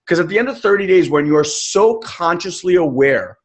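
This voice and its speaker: A man's voice: high-pitched, animated, brisk. A man coaching in a live webinar, speaking emphatically and casually, with occasional swearing. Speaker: life coach.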